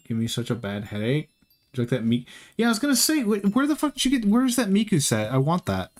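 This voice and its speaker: Streaming a game, a man in a mid-range, slightly mellow voice rambles and jokes with his live chat, keeping it casual and sprinkled with profanity while he plays.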